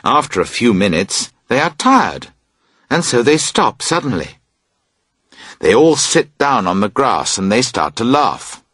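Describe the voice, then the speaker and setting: Husky slow-reading male narrator. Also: mid-range voice, no echo, studio quality. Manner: expressive, voices characters. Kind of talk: audiobook reading of a graded reader.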